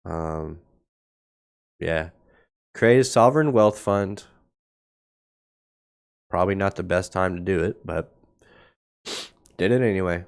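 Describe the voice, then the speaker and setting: Blunt sarcastic man, low voice. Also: slow pace, creaky, pauses often, smooth. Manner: blunt, sarcastic, thinks aloud over charts. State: coughing now and then. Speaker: crypto market show host. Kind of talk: casual livestream market commentary.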